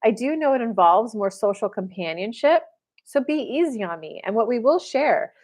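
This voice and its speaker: Hosting a casual spiritual livestream, this woman speaks at a moderate pace in a highish voice. She's animated as she gives readings, performing the voices of people she talks about.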